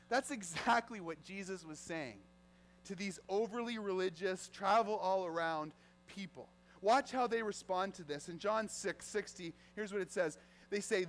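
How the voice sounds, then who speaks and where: A man preaching a sermon to his church, animated and playful, slipping into comic voices of churchgoers as he makes his points. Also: high-pitched, normal speed. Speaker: pastor. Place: church sanctuary.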